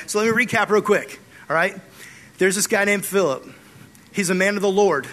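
A young man preaching a casual youth group sermon, animated and acting out conversations with God as he retells a Bible story. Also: high voice, a little fast. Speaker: youth pastor.

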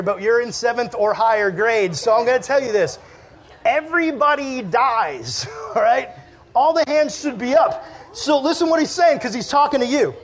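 Male youth pastor with a high voice; casual, self-mocking sermon delivery, quick to laugh. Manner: chatty and joking, laughs often at himself.

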